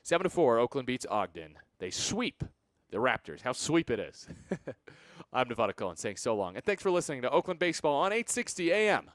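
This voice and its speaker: A young man calling baseball on radio, reading scores in a lively way with quick quips. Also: medium pitch, no room sound. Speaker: play-by-play radio announcer. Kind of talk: radio sports wrap-up.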